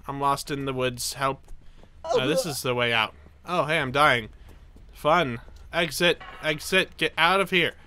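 A young man giving excitable let's play commentary, narrating his own moves with dramatic panic. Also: a little high. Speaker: gameplay commentator.

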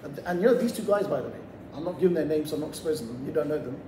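A man's voice: on the high side, lively intonation, rapid-fire, dark tone, slight background noise. A man from England giving a motivational lecture to young people in a community hall, telling a casual story with lots of asides. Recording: echoey hall, voice heard from a distant mic.

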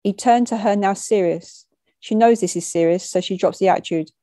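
A woman reading a short story aloud, measured and matter-of-fact, dropping street slang into the narration. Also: mid-range voice, warm tone, no room sound.

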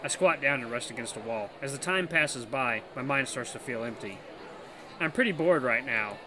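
A man hosting a let's play who reads the game text aloud and comments excitedly. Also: mid-range voice, normal speed, a crowd in the background, noisy background. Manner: excitable, laughs easily, breaks into loud protest. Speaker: gaming channel host.

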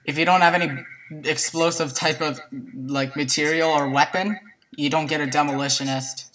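A gameplay commentator chatting to viewers in a let's play, excitable and prone to yelps and shrieks at surprises. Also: medium pitch, normal speed, recorded from a distance, rough recording. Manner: chatty, talks to viewers as "guys".

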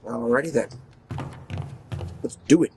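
A man giving casual, excitable commentary while playing a video game, swearing often and sometimes dropping to a whisper. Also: medium pitch, a little slow, background noise. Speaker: gameplay commentator.

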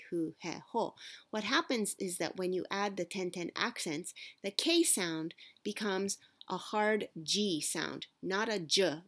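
A woman's voice: lowish voice, a bit bright. A woman teaching a language lesson, explaining patiently with small fillers and asking "right?" to check understanding. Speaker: Japanese teacher.

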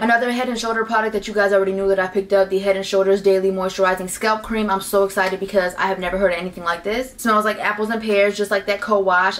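A teenage girl chats through a hair-care haul. She gushes and repeats herself, piling up excited praise in a loose, casual way. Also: mid-range voice. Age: teens. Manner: gushing, chatty, repeats herself. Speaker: beauty vlogger.

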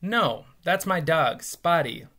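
A man's voice: on the high side, animated, slow pace, sharp tone, exaggerated voice. A man voicing a stubborn boy who dismissively insists the dog is his.

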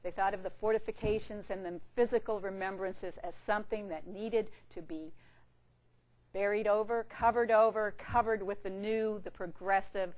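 A woman's voice: mid-range voice, steady tone, moderate pace, darkish tone. A woman curator giving a chatty, good-humoured public lecture in a museum lecture room, speaking into a handheld microphone, with frequent fillers and restarts. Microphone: handheld microphone with a power pack.

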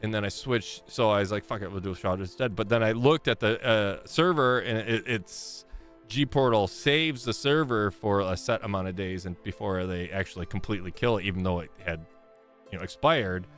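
A man's voice: lowish voice, moderate pace, a bit bright, soft background music. A man in his thirties hosting a live game stream, chatting casually and rambling, often correcting himself and laughing.

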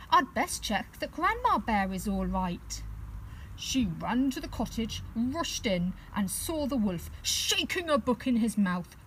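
A woman reading a children's story aloud with gentle, expressive narration. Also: mid-range voice, slight background noise, low-quality recording.

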